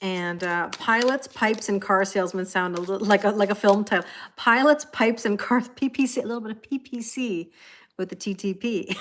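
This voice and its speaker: A woman's voice: medium pitch, fairly even intonation, moderate pace. A woman in her forties, a tarot reader, chatting on a live stream, laughing often and answering viewer comments.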